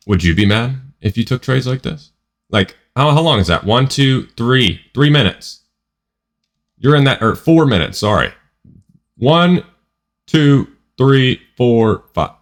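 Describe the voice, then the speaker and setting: Male trading vlogger, lowish voice, emphatic and profane, stumbles over his words. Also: fairly bright tone. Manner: emphatic, profane, repeats himself. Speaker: trading educator. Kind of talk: casual vlog monologue.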